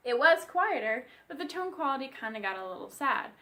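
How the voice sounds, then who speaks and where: A woman bassoon teacher giving a clear, friendly instructional music lesson. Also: big pitch swings, a little fast, sharp tone.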